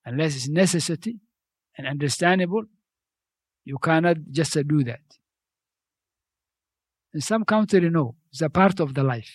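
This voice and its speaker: Guy preaching in english, kinda high voice, dry close sound. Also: moderate pace, no echo. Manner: conversational, repeats phrases, non-native grammar. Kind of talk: sermon.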